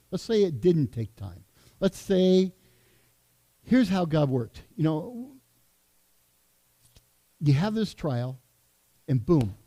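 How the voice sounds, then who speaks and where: A man's voice: on the high side, mellow. A middle-aged man, a church elder, preaching a sermon in a conversational way with asides.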